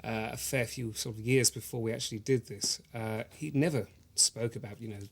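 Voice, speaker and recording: A man's voice: medium pitch, fairly even intonation, a little fast, vocal fry, breathy edge. An actor playing a self-important, condescending male actor in a mock documentary interview, full of hesitant fillers. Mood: self-satisfied.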